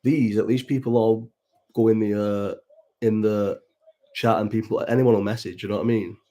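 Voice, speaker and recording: A man's voice: fairly low pitch, fairly even intonation, normal speed, dark tone. A man in his thirties from Bolton with a Bolton accent, chatting casually and rambling on a watch-along stream, swearing freely and answering the chat. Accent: Bolton, Northern English. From Bolton, England. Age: 30s. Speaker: livestream host.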